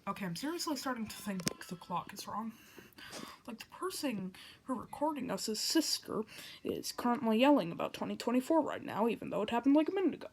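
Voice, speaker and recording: A woman's voice: fairly high pitch, big pitch swings, fairly quick, a little mellow, a little hiss or hum. A woman doing a playful skit, voicing several stuffed animals and switching between their voices, often dropping to a whisper. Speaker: toy puppeteer.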